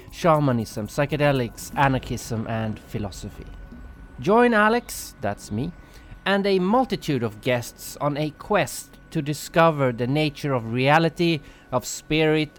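A man reading a scripted promo for his own podcast. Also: a little high. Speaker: podcast host.

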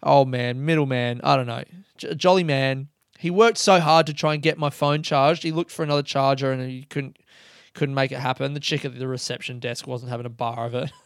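A man's voice: mid-range voice, fairly even intonation, a little fast, dry recording, clean studio sound. A young Australian man telling a rambling, self-mocking comic story with casual swearing.

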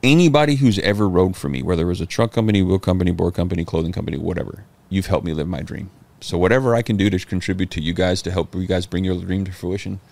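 A man's voice: deep voice, quick pace, vocal fry, few pauses. A middle-aged man, a podcast guest, telling stories in casual talk, swearing freely and acting out what people said. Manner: animated, swearing, acts out quotes. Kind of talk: casual storytelling interview.

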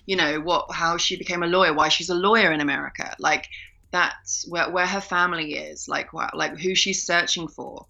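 A woman talks casually as an interview guest, rambling through fillers and restarts. Her voice sits a little low but sounds bright and forceful. The audio is dull and muffled, like a home call. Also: normal speed, gravelly. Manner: chatty, many fillers and restarts, bright lively laugh.

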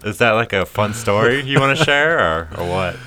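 Man, podcast co-host, low-pitched, bright, teasing. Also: lively intonation. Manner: teasing, quick to laugh. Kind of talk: casual podcast banter.

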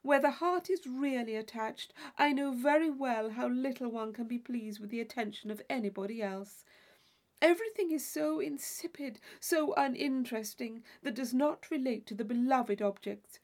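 Brief: woman reader doing an effusive young lady friend, breathless and flattering, fairly high voice. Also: moderate pace, lightly acted. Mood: gushing.

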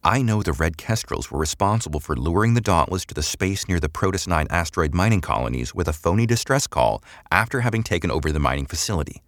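A man's voice: low voice, lively intonation, quick pace, few pauses, a bit bright, no echo, studio quality. A man voicing a cool, glib female imperial agent who interrogates a prisoner in a mock-casual way that turns cold and matter-of-fact. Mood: cold, firm.

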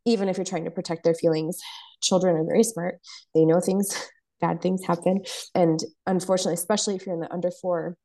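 Podcast guest: woman, 30s, earnest storyteller, low dark voice with a gravelly edge. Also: little pitch movement, fast. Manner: earnest, explains with stories and frequent laughs. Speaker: podcast guest, palliative nurse practitioner. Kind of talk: candid conversational interview.

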